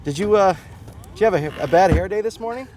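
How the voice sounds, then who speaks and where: A man's voice: high voice, fast, noisy background. A man hosting a comedy cooking segment outdoors at a tailgate, teasing his guest in playful banter. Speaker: comedy show host. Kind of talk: joking cooking segment interview. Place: outdoors at a stadium parking lot tailgate.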